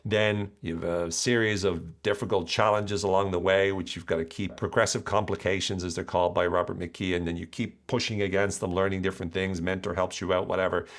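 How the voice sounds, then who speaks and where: A man hosting his own podcast, explaining ideas in a casual, animated monologue with self-deprecating asides. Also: low voice, fairly quick, hardly any pauses. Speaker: podcast host.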